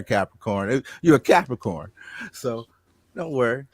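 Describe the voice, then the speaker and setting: A man hosting a casual chat, telling a story in an animated way and loudly acting out what people said. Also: mid-range voice, unhurried, no room sound. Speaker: show host.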